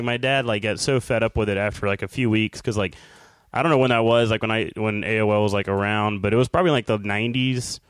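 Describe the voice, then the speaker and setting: A man's voice: on the low side, clean tone, no echo. A young man co-hosting a podcast, telling a story in a rambling casual way with many fillers. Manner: rambling, lots of "like", quick laughs. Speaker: podcast co-host. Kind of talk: casual chat.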